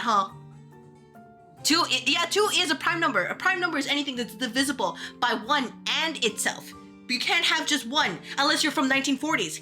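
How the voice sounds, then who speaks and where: A woman streamer chatting casually while playing a game, ranting in an animated way with quick asides and restarts. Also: high-pitched. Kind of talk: casual gaming stream chat.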